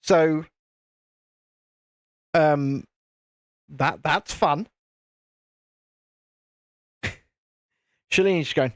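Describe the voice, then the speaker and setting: A man's voice: fairly high pitch, extremely slow, long pauses, no echo, studio quality. A British man hosting a live stream, chatting casually and answering viewer comments. He is jokey, laughs often and restarts his sentences.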